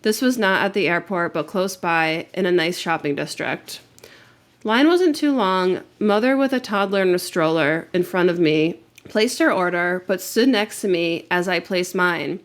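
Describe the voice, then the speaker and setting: A woman's voice: fairly low pitch, expressive, normal speed. Chatty young woman co-hosting a podcast. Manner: chatty, candid, swears casually. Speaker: podcast co-host. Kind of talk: casual chat, reading stories aloud.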